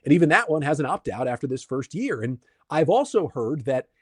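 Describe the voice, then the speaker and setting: A man hosting a solo sports podcast, explaining baseball numbers and answering listener questions in a brisk, stat-heavy way. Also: a little high, very animated, husky, dry recording, studio quality. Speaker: podcast host.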